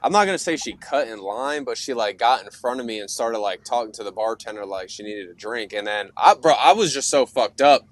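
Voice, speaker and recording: A young man co-hosting a podcast in casual chat, rambling through a profane story and laughing as he goes. His voice sits at an everyday middle pitch. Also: animated, a little fast, hardly any pauses. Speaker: podcast co-host.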